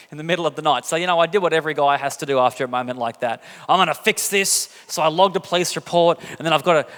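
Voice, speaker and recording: Pastor, male, slightly high voice, relaxed storytelling sermon with jokes, church hall reverb. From England. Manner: conversational, jokey, acts out quotes with big pitch jumps.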